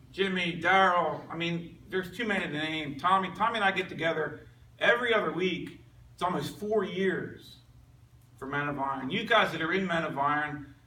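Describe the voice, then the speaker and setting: Man, 50s, earnest testimony, bright forceful tone, slightly high voice. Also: distant mic, a little hiss or hum. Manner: earnest, conversational, with frequent restarts. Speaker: speaker giving a testimony to a men's ministry. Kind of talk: personal testimony talk. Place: meeting room with a group. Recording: roomy, off-mic with faint ambience.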